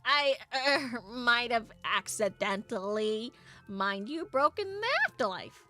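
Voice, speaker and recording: A sheepish, rambling builder with a broad put-on lilt, as a woman performs him. The voice sits high and sharp-edged. Soft music plays underneath. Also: expressive, slow pace, exaggerated voice. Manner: rambling, flustered dialect storytelling. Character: bumbling middle-aged male ghost-raising builder. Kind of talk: voicing game dialogue for stream.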